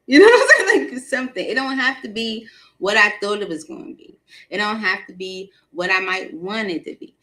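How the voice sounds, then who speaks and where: Animated woman hosting a tarot stream. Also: medium pitch, a little fast. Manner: animated, laughs often, talks to the chat directly. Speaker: tarot reader hosting a live call-in stream. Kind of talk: casual live-stream chat.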